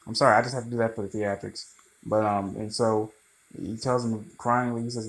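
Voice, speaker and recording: A man rambling through a casual, animated movie review, swearing freely. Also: on the low side, a little fast, a little hiss or hum, poor audio.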